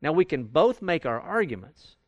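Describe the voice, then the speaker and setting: A man's voice: on the high side, sing-song, moderate pace, no room sound, muffled recording. A man teaching a Bible study class in a conversational way, acting out quoted arguments as he goes. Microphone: recorded for audio with a live class.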